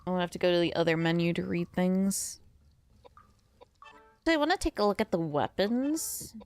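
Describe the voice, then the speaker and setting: A woman's voice: on the low side, moderate pace, a little mellow. A sleepy woman streaming a game, chatting casually with her viewers while laughing and rambling. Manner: rambling and giggly, talks to chat. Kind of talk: casual gameplay commentary.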